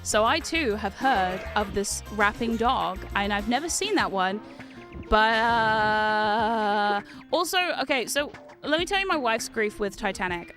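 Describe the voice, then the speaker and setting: A woman streaming while gaming, telling rambling, animated stories in casual chat with plenty of swearing. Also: fairly high pitch.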